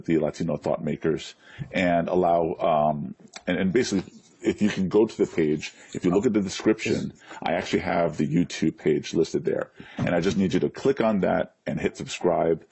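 A man hosting a casual interview, speaking in a relaxed, hesitant way with many fillers. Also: low-pitched, vocal fry, breathy edge. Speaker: interview host.

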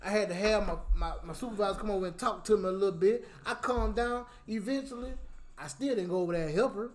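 Animated man telling a heated story. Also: sits high, fast. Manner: animated, heated, laughing as he tells. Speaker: podcast co-host. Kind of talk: casual storytelling chat.

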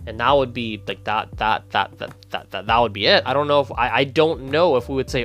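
A man from Canada, chatting casually to camera as a language-learning video creator, animated and often restarting his sentences as he thinks aloud. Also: medium pitch, fairly quick, hardly any pauses, soft background music.

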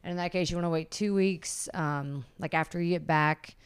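A woman esthetician in a casual chat, explaining skin treatments in a relaxed way with frequent fillers. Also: lowish voice, moderate pace, clear, resonant tone.

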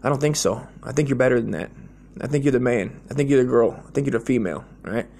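A man's voice: medium pitch, quick pace, creaky, a little mellow, a little hiss or hum. An American man giving a rambling, profane comedic monologue, blunt and crude, peppering his talk with slang like "dude". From United States.

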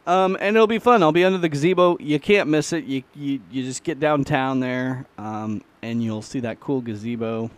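A man's voice: mid-range voice, moderate pace, hardly any pauses. A middle-aged man, hosting his own podcast in a casual, folksy, self-deprecating ramble. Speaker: podcast host and musician. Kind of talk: casual solo chat.

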